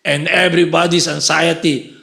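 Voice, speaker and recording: A man giving a spiritual lecture in an animated way, often checking in with his listeners. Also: on the high side, normal speed, gravelly.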